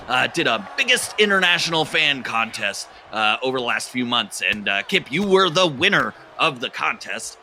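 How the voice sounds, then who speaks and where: Brief: man calling comedy wrestling, rambling deadpan delivery, lively pitch, noisy recording. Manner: deadpan, rambling, full of fillers. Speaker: play-by-play commentator. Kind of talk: improvised comedy wrestling commentary. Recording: noisy background.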